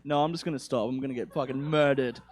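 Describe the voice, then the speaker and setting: A man's voice: medium pitch, fairly even intonation, fast talker, darkish tone. A young man doing a rambling, profane stand-up set, with an accent somewhere between English and Australian. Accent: mixed English and Australian. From England. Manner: rambling, profane, self-mocking. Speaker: stand-up comedian.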